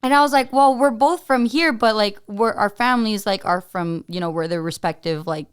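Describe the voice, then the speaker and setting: A woman's voice: mid-range voice, moderate pace, clear, resonant tone. A young woman in her twenties co-hosting a podcast, telling stories in a chatty way with lots of "like". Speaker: podcast co-host. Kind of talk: casual storytelling.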